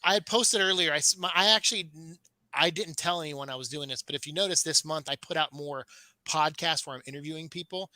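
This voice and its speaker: A man hosting a casual panel stream, talking candidly with many halting restarts. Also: a little high, sharp tone, dry recording, low-quality recording. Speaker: host.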